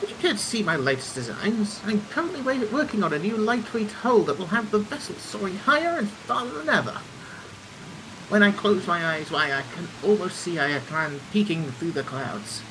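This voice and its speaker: A man's voice: high voice, expressive, normal speed, noisy background, voice pushed up. A man voicing an eager, formal male airship engineer with a put-on accent in a game read-along. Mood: proud. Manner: formal, eager and a bit pompous.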